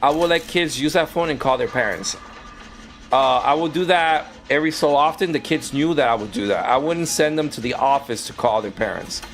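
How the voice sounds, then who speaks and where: Speaking fairly quickly in a medium-pitched voice, this man chats while gaming about his old teaching days. He used to be a teacher and now streams, and he brings his classroom anecdotes to life by performing each character's voice.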